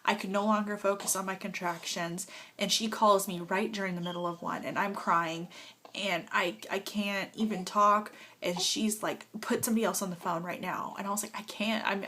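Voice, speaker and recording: A woman's voice: medium pitch, steady tone, normal speed, a bit bright. Young mom rambling thru her birth story at home, teary and emotional, lots of likes and ums. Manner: emotional, rambling with many fillers, tearful at times; holding a nursing baby while talking. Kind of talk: casual storytelling vlog.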